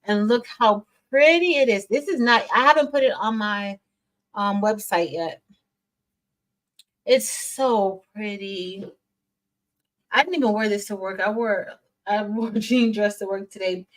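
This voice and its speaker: A woman's voice: mid-range voice, measured pace, long pauses, fairly bright tone, poor audio. A woman hosting a casual craft livestream, greeting viewers by name in an upbeat, chatty way.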